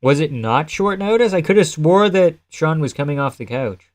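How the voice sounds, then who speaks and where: A man's voice: on the high side, expressive, moderate pace. A man streaming live, chatting loosely and answering his viewers' messages, with the odd curse. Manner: loose, rambling, profane, answers chat messages. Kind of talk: casual live-stream chat reacting to a fight card.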